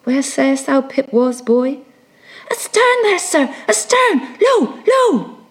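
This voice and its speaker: A woman's voice: high-pitched, slow, voice pushed up. A woman reading an audiobook, voicing a crazed, forlorn young ship's boy in a wandering, sing-song way. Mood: urgent.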